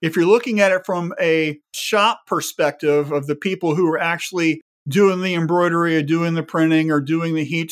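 A man's voice: on the high side, a bit bright. A man on a podcast panel, explaining shop sustainability and asking many rhetorical questions.

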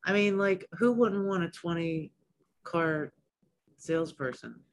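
A man's voice: on the high side, unhurried. A man who owns a business, speaking as a podcast guest with enthusiasm and many trailing restarts. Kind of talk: casual podcast conversation.

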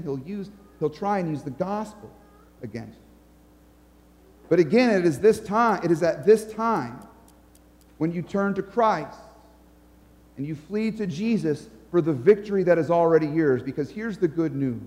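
Man, pastor, earnest sermon, fairly high voice, long hall reverb. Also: lively intonation, moderate pace, pauses often, darkish tone. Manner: earnest, emphatic, storytelling.

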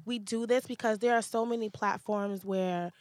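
A woman co-hosting a podcast in a casual chat, animated and playful, sometimes dropping to a hushed aside. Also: mid-range voice, normal speed, dry recording. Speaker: podcast co-host.

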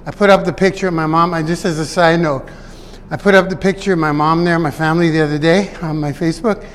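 A high-voiced man talks straight to his viewers like a business coach, rambling through side stories and chuckling at himself. His voice rings out with a long reverb trailing behind it. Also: fairly even intonation, fast talker, slight background noise. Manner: chatty, digressive, laughs at his own stories. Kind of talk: casual motivational talk to viewers.

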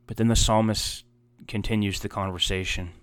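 Low, smooth-voiced earnest male preacher. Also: fairly even intonation, normal speed, no echo. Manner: earnest, heartfelt preaching with rising emphatic repetitions. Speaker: pastor. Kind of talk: sermon.

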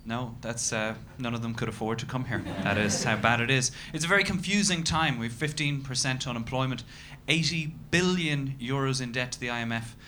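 Dry Irish stand-up comic, noisy recording. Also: male voice, medium pitch, brisk, few pauses. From Ireland. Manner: dry, self-deprecating storytelling with sudden loud outbursts. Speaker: stand-up comedian. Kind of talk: stand-up comedy set. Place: comedy club stage. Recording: noisy live club recording.

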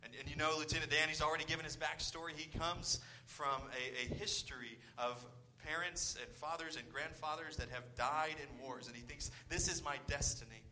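A man's voice: on the high side, steady tone, brisk, hardly any pauses, bright, forceful tone, a little hiss or hum, low-quality recording. A man preaching a sermon, earnest and often repeating his words, sometimes dropping almost to a whisper. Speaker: pastor.

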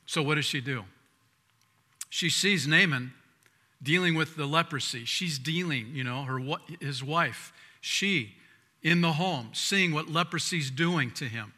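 A man preaching a sermon as pastor. He talks in a conversational way, restarting and repeating words, and swings between loud emphatic lines and quiet asides. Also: fairly high pitch, unhurried. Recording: long hall reverb.

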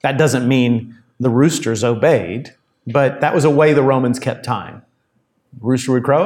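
A man's voice: medium pitch, unhurried, a little mellow. A man preaching a conversational sermon as a pastor, reading and explaining scripture. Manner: conversational Bible teaching, reads scripture aloud.

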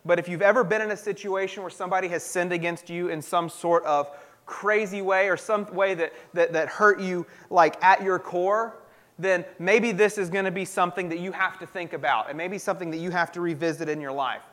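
A man's voice: high voice, fairly even intonation, a little fast, a bit bright. A pastor giving a sermon in an earnest, conversational way, often restarting his sentences.

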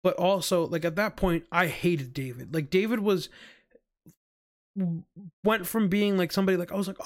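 Excited rambling young man. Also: sits high, normal speed. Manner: excited, rambling, heavy use of "like", swears often. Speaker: gamer recapping a video game. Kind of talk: casual rambling recap.

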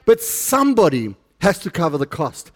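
A middle-aged South African man preaches with a notably high-pitched voice. He talks to his congregation in a loose, chatty way and slips jokes in between points. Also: sing-song, normal speed. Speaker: pastor. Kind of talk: sermon.

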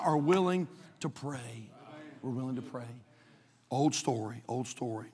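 A male pastor preaching a dramatic sermon, swinging from hushed tones to shouting, in a church sanctuary. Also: mid-range voice, expressive, measured pace, long pauses, husky, long reverb tail.

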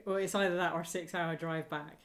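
A woman chatting on a podcast in a fairly low voice, giggling and wondering aloud as she talks. Her speech drifts through half-finished questions in a relaxed, casual way. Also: a little fast. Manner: giggly, asks musing questions, trails off. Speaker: podcast co-host. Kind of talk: casual chat recapping a sitcom episode.

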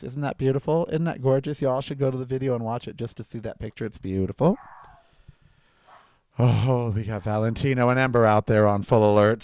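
A man's voice: medium pitch, a little mellow, clean tone, no echo. A man vlogging at home, giving indignant, rambling political commentary with emphatic outbursts.

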